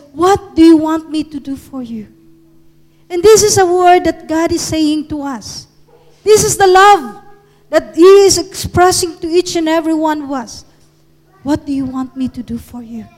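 A woman's voice: very high voice, unhurried, darkish tone. A woman preaching a sermon in an earnest, emphatic way that rises in force. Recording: long reverb of a large hall.

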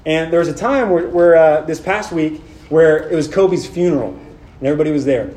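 A man's voice: a little high, fairly quick. Fired-up young man preaching in an echoey room. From Southern California. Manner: casual, animated, talks directly to the audience. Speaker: speaker at a men's retreat. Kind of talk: sermon.

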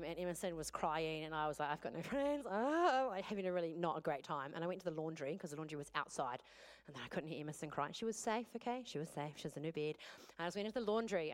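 A woman's voice: fairly low pitch, clean tone. A woman pastor, preaching a sermon in a candid, conversational storytelling way.

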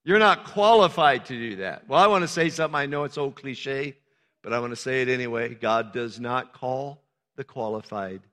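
A man's voice: mid-range voice, moderate pace, pushed and bright. An older man, a pastor, preaching a sermon in a conversational way, often calling out "Amen" and making jokes at his own expense. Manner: conversational preaching, frequent "Amen" calls, self-deprecating asides. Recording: long reverb of a large hall.

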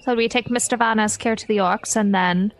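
A woman's voice: medium pitch, fairly even intonation, fairly quick. A woman playing a tabletop game with playful in-character asides. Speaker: player.

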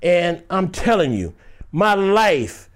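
Taking it slowly, a high-pitched man with big pitch swings tells an animated, dramatic story from his own life. He's an actor from Detroit, and he acts out each scene vividly, shifting voices as he goes.

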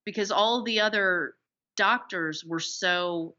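A woman's voice: medium pitch, slow pace, highs cut off. A woman co-hosting a podcast, casually discussing a film and animatedly acting out its lines. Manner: animated, acts out quotes from the film. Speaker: podcast co-host.

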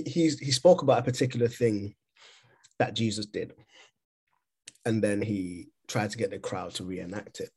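A man with a low, slightly husky voice talks through a podcast discussion over a remote call. He speaks casually and haltingly, restarting and repeating words while he works out his point. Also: a little mellow. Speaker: podcast co-host.

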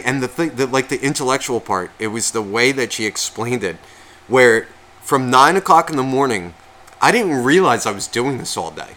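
A man's voice: medium pitch, bright, forceful tone. A man co-hosting a podcast, telling a story in casual chat and swearing constantly. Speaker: podcast co-host.

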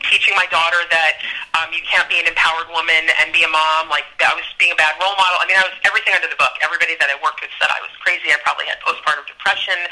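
A woman's voice: low-pitched, bright, forceful tone, low-quality recording. A middle-aged woman telling a personal story as a podcast guest, speaking in an earnest, reflective and emphatic way.

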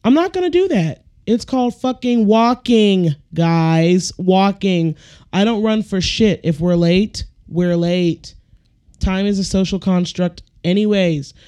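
A woman's voice: fairly low pitch, takes it slowly, mellow, clean tone. A woman hosting her own podcast, ranting bluntly and comically with heavy profanity. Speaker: podcast host. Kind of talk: casual comedic rant.

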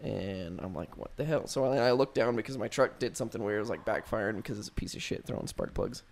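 A man's voice: on the low side, fast, creaky, darkish tone. Young man telling a story, swearing casually. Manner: loose, profane storytelling full of "like". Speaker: storyteller among friends. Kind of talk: casual chat.

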